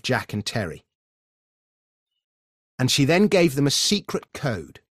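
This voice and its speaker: A man's voice: medium pitch, no room sound, studio quality. Middle-aged Englishman telling a story. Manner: earnest, vivid storyteller with frequent self-corrections. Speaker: podcast guest, creator of a stage show. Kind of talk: conversational storytelling interview.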